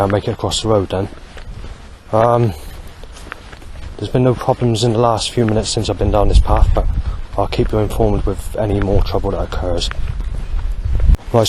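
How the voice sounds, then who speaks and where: A man with a fairly low voice rambles on as he walks along a street, stringing thoughts together with lots of ums. Faint outdoor ambience sits behind him. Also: darkish tone, slight background noise. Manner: rambling, with many fillers. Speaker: vlogger. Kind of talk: walking monologue.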